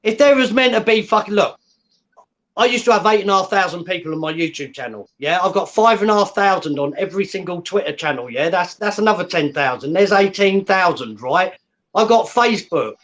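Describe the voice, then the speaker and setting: A man with a high-pitched voice rants furiously on an online call. He swears nonstop and keeps tagging his points with a challenging "yeah?". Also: animated, brisk, fairly bright tone. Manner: swearing, combative, repeats "yeah?" for emphasis. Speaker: guest. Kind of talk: angry ranting on a livestream.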